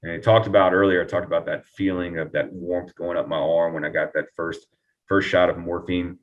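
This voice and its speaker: A man telling his recovery story earnestly and reflectively as an interview guest, often pausing and restarting. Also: deep voice, flat delivery, far from the mic, phone-quality sound.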